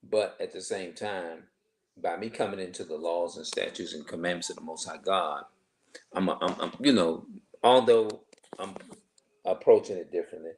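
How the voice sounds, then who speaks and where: A man in his forties talking to camera in a rambling personal monologue, halting and restarting often. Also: low-pitched, a little hiss or hum. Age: 40s. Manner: halting, many restarts and filler phrases. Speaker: vlogger.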